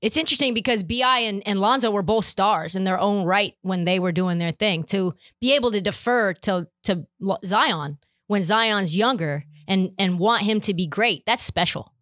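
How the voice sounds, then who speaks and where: A woman's voice: medium pitch, normal speed, hardly any pauses, a bit bright, dry recording, clean studio sound. A woman hosting a podcast interview, chatty and playful as she teases her guest. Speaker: podcast host. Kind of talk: casual interview chat.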